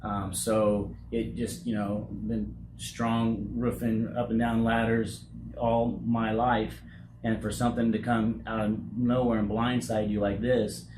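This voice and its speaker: A man in his forties, owner of a roofing company, speaking candidly in an interview, halting and repeating words as he talks. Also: on the low side. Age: 40s. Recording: echoey room with noise.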